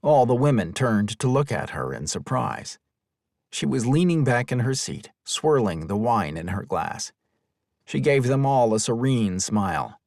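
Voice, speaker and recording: Expressive man narrating an audiobook. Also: mid-range voice, a little slow, dry recording, clean studio sound. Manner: expressive storytelling. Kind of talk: scripted narration.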